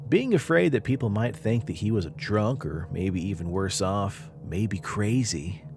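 A man's voice: fairly low pitch, vocal fry, a little mellow. A man hosting a podcast, telling a spooky story in a dramatic, rising and falling way. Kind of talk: storytelling narration.

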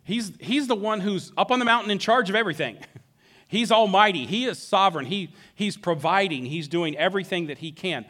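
A man preaching a sermon who acts out the characters' words in an animated way. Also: high-pitched, brisk. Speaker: pastor.

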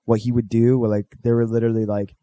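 Crude, animated podcast co-host, dry close mic. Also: male voice, medium pitch, quick pace, no echo. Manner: crude, animated, puts on mocking voices in retold quotes. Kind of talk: casual podcast banter.

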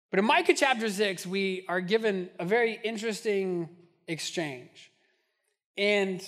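A man's voice: high-pitched, fairly bright tone. A man preaching a sermon as pastor, impassioned and repetitive, building in intensity as he goes.

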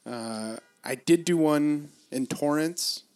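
A man's voice: fairly high pitch, slow, darkish tone, clear, resonant tone. Man, from Los Angeles, casual podcast chat, rambling, swears, laughs a lot.

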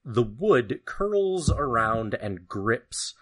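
A man narrating as game master of a tabletop game, slow and halting with many fillers. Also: mid-range voice, very animated, fairly bright tone, breathy edge.

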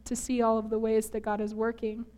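A woman from northern Minnesota delivers a Sunday sermon to her congregation in a church. Her voice sits a little high. She talks in a chatty, self-deprecating way and laughs often at herself. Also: monotone, brisk, mellow. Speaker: preacher.

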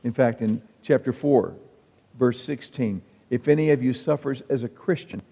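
A man's voice: mid-range voice, moderate pace, creaky, husky. Male pastor, conversational sermon with wry asides; muffled, reverberant hall sound. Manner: conversational, wry preaching with quoted examples.

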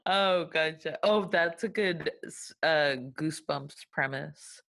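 A woman's voice: low-pitched, takes it slowly, vocal fry, fairly bright tone. A woman co-hosting a casual chat, giggly and riffing on silly story ideas. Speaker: podcast co-host.

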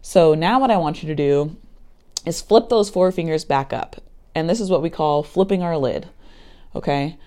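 A woman's voice: sits low, normal speed, mellow. A woman casually explaining a mental health approach, chatty and often searching for words, with ums and likes. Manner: acts out parent voices in quoted lines.

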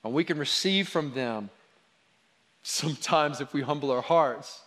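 A man preaching a sermon, telling stories about his children in a lively, animated way. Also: fairly high pitch, a little slow. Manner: animated storytelling, quoting his kids. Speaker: pastor. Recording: long hall reverb.

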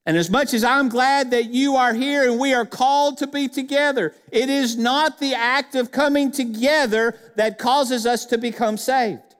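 Male pastor, high-pitched and emphatic, preaching with rhetorical questions in a church with a long reverb. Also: clean tone. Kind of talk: sermon. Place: church sanctuary.

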